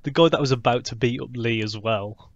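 A man's voice: medium pitch, brisk, dry recording, muffled recording. A man co-hosting a podcast, bantering easily and agreeing along in casual chat about a film. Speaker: podcast co-host.

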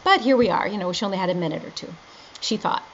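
A middle-aged woman teaching dream interpretation in a lively lecture, acting out both sides of a conversation. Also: medium pitch, fast talker. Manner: animated storytelling, quoting both sides of a conversation. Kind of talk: lively lecture with acted-out dialogue. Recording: dull lo-fi lecture recording with faint noise.

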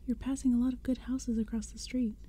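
A woman voicing a boastful, teasing young boy in a soft whispered role-play. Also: fairly high pitch, level tone, brisk, slightly rough. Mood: cocky.

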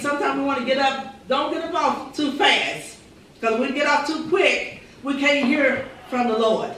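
A woman pastor with a high, bright, forceful voice preaches a sermon in a church sanctuary, using fervent, repetitive phrasing and rhetorical quotes. The recording is echoey and distant, with a slight hiss or hum.

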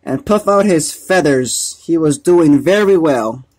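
A man gently reading a children's storybook aloud, unhurried. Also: on the high side, expressive, slightly rough.

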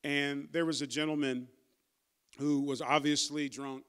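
A man preaching a sermon with a smooth, resonant voice that sits high for a man. He preaches emphatically and calls out to the people in front of him. When emotion rises, he repeats and restarts his words. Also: level tone, unhurried, fairly bright tone. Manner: emphatic preaching with call-outs to the congregation. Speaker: pastor.

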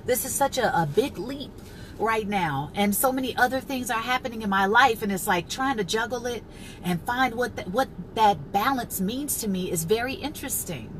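A woman life coach hosting a casual live stream, chatting, laughing often and greeting viewers by name, then turning slow and emphatic to make a point. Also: fairly high pitch, expressive, slight background noise. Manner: turns slow and emphatic when teaching.

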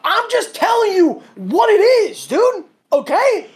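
A man's voice: very high-pitched, wildly swooping pitch, unhurried. A man as a guest in a casual chat over a call, laid-back and teasing, full of dude and bro.

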